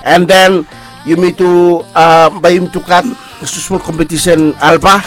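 A man's voice: high voice, flat delivery, normal speed, faint music behind. Rambling male co-host thanking sponsors. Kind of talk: casual radio chat.

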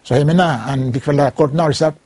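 Ni-vanuatu guy, bislama accent, telling his life story, dark husky voice, lots of restarts. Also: fairly high pitch, no echo. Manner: halting, mixes Bislama, English and French, frequent restarts. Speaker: interviewee.

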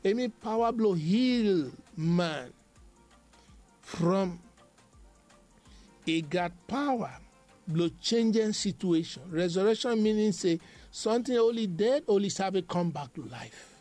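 High-voiced preacher. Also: male voice, lively intonation, takes it slowly, pauses often, a little mellow, soft background music. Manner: repetitive, emphatic preaching cadence. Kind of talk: devotional sermon.

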